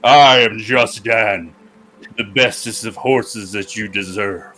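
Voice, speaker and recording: A man voicing goofy talking magic horses that shout in high, cartoonish voices. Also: slow, a little hiss or hum. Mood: grand.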